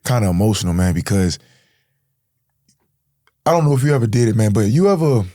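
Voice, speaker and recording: A man's voice: on the low side, very animated, fairly quick, warm tone, no echo, clean studio sound. A young man guest on a podcast, telling an emotional story in street slang, saying bro and man a lot.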